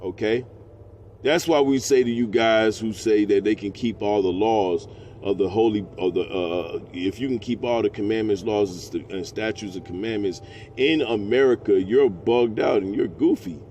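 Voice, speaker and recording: A man with a fairly low voice teaches from scripture, reading each verse slowly. Between readings he drops into loose slang and cursing. A faint hiss of background noise sits under his voice. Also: darkish tone. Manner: reads verses slowly then riffs in slangy asides. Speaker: preacher. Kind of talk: scripture teaching with street talk.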